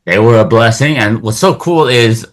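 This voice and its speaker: A young man chatting as a podcast guest in a lively, animated way. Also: mid-range voice, moderate pace. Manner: animated, acts out quoted voices. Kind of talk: casual chat.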